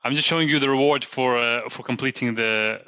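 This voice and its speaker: A man co-hosting a webinar, giving brief, quick replies over a video call. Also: mid-range voice, pushed and bright, clear, resonant tone, dry recording, highs cut off. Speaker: webinar co-host.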